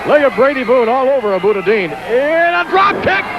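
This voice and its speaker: Man, wrestling announcer, excitable play-by-play, high voice, hissy 1980s broadcast recording. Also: brisk, highs cut off. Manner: excitable, exclaiming, hype-driven.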